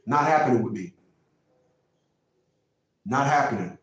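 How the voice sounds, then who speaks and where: A man's voice: mid-range voice, lively intonation, a little slow. A middle-aged man giving relationship advice in a casual, preachy monologue that repeats itself for emphasis. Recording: very echoey room, from far off.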